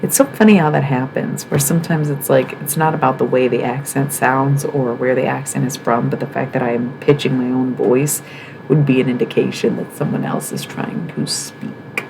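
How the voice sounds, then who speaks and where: A woman's voice: rumbling low, steady tone, moderate pace, background noise. A woman from the Midwest hosting a livestream, talking frankly and emphatically in a casual monologue, swearing and asking rhetorical questions. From American Midwest. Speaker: livestream host.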